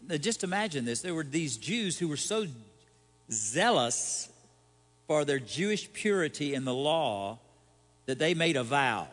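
A man's voice: fairly high pitch, sing-song, unhurried, fairly bright tone, big-room sound. A man, a pastor, giving a conversational sermon with rhetorical questions and light humor.

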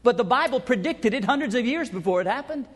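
A man's voice: extremely high pitch, animated, fast talker, fairly bright tone. A man preaching a folksy, emphatic sermon to his congregation, sometimes acting out crowd chants. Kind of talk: sermon teaching. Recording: hall reverb.

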